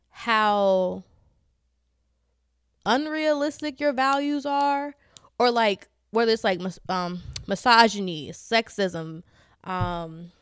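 Young woman podcast cohost, candid and chatty, lots of likes, smooth dry voice. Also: medium pitch, no echo. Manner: candid, laughs often, trails off with fillers. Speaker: podcast co-host. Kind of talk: casual chat.

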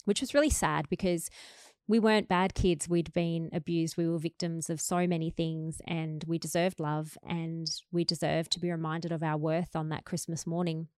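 Australian woman, 40s, podcast host, lowish voice, candid chat, dry close sound. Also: normal speed, clear, resonant tone, no room sound. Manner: frank, animated when retelling family exchanges.

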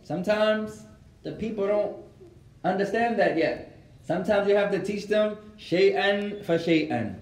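A man teaching an Islamic class, mixing Arabic phrases into lively storytelling and answering students' questions. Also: sits high, unhurried. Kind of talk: lecture with Q&A. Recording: echoey room.

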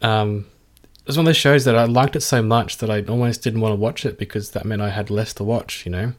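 A man's voice: on the low side, fairly even intonation, brisk. A man hosting a podcast in casual chat, chatty and laughing often, with hesitant fillers. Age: adult, works at a university. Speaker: podcast host.

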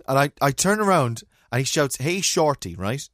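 Lively Irish man telling a story. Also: medium pitch, moderate pace, no echo, studio quality. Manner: animated storyteller, wry asides. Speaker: podcast host. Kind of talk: casual podcast chat.

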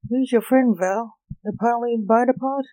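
A storyteller reading the lines of a talking red fox who asks blunt, probing questions, in a slow, mellow voice. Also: medium pitch, no room sound, natural voice, poor audio.

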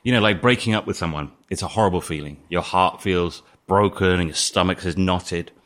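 A British man speaking as an interview guest, telling his story in a calm, thoughtful way. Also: low-pitched, brisk. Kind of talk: reflective interview talk.

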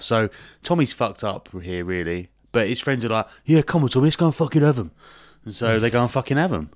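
Male podcast co-host, laid-back rambling storyteller, swears, low voice. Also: no room sound, clean studio sound. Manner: rambling, jokey plot recap with swearing. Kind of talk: casual comedic chat.

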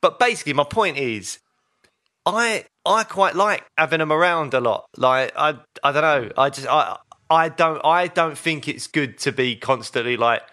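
A man, co-hosting a casual podcast chat over a video call, chatty and quick to laugh. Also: fairly high pitch, animated, bright, forceful tone. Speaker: podcast co-host.

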